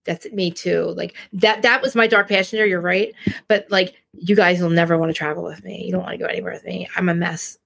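A woman's voice: lowish voice, a little fast, creaky, slight background noise. A woman hosting a podcast, chatting casually and ranting about reality TV, rambling with many restarts. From New Jersey. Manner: rambling, animated, rants with frequent restarts. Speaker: podcast host. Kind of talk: casual chat.

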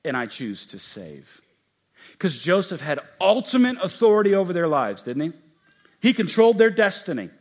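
Impassioned preacher, hushed to booming. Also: male voice, big pitch swings. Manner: dynamic preacher, swings from hushed to loud and emphatic; acts out quoted speech with slow, drawn-out emphasis. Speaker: pastor. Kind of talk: sermon.

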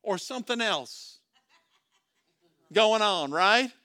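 A man's voice: high voice, expressive, takes it slowly, bright, forceful tone, no room sound, studio quality. A man preaching a sermon as pastor, talking to the congregation in a conversational way, with rhetorical questions and frequent restarts.

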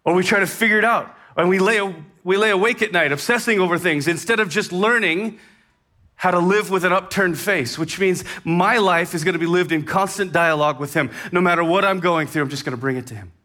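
A man preaching a sermon in a conversational way, rising in intensity and then dropping to a hushed tone. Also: sits high, a little fast. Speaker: pastor.

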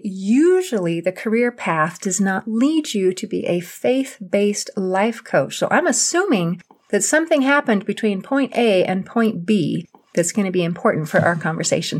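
Husky woman hosting an interview. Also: medium pitch. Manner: warm, welcoming. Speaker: podcast host.

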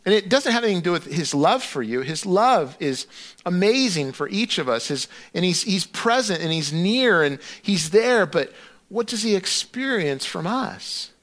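A man's voice: high voice, very animated, moderate pace, a bit bright. A middle-aged male pastor preaching in a conversational way, acting out his own prayers to God with many restarts and fillers. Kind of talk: sermon.

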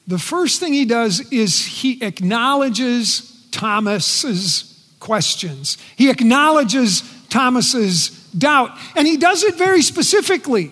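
A man preaching a sermon in earnest, his voice dropping soft and quiet when he speaks quoted words. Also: very high voice, sing-song, slow pace. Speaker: pastor. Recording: long reverb in a large hall.

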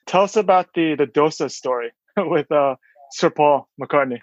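Man, podcast host, casual, rambling questions, dull lo-fi sound. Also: fairly high pitch. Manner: loose, rambling questions with quick laughs. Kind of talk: casual interview chat.

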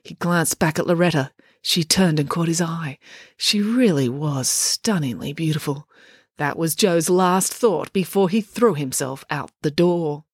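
A woman, narrating a children's audiobook in an expressive storytelling manner. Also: deep voice, unhurried, husky, no room sound, studio quality. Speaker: author and narrator.

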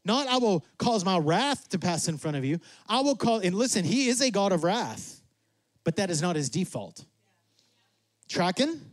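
A man preaching with a high voice and lots of energy. He acts out God and Moses in quick asides. The sound is dry and close. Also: very animated, dry recording. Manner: drops to a soft, low voice for emphasis. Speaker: pastor. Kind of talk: sermon.

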